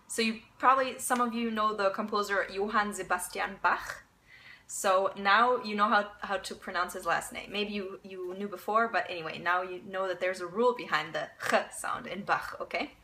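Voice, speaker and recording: A woman teaching a casual language lesson, explaining step by step, repeating example words slowly and often checking in with "okay?". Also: medium pitch, pushed and bright, low-quality recording.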